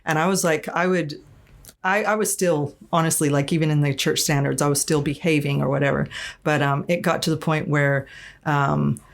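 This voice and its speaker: A podcast guest from Arizona, USA, speaks in a low voice with fairly even intonation, a moderate pace, and vocal fry. In this casual storytelling interview she shares a personal story candidly and frankly, restarting often and swearing now and then.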